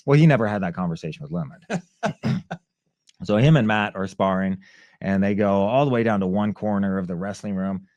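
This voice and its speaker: A man's voice: fairly low pitch, normal speed, no room sound. A man, a former fighter, telling a story as a podcast guest and acting out the voices of the people in it. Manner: lively storyteller who acts out other people's shouts. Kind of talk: animated storytelling in a conversation.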